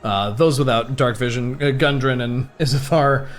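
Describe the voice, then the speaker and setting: A man narrating a tabletop game as game master, in a halting, thoughtful way. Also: medium pitch, soft background music.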